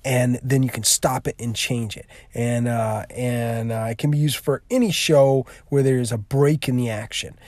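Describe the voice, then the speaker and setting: A man's voice: mid-range voice, fairly even intonation, normal speed, few pauses, darkish tone, no echo. A male teacher explaining a classroom activity in a rambling way, with many fillers and restarts.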